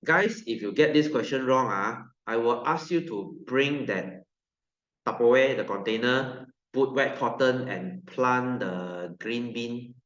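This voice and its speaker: A man's voice: medium pitch, measured pace, fairly bright tone, echoey room, muffled recording. A man with a Malaysian English accent teaching a science class, chatty and joking, laughing often and slipping into Malay.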